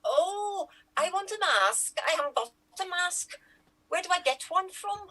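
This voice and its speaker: A woman's voice: very high-pitched, expressive, a little slow, sharp tone. A woman performing in an online improv scene over a video call, giggly and hesitant.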